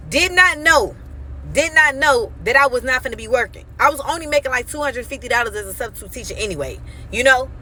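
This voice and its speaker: A woman in her thirties giving an animated, emphatic faith testimony on her vlog, acting out quoted dialogue as she tells the story. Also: on the high side, a little hiss or hum. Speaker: vlogger.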